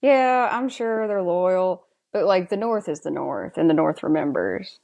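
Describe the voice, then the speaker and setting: Woman, podcast co-host, slow deliberate pace, casual opinionated chat, keeps asking her partner's take. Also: fairly low pitch, animated, gravelly, darkish tone. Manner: chatty and opinionated, asking her co-host's views. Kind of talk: casual chat recapping a TV episode.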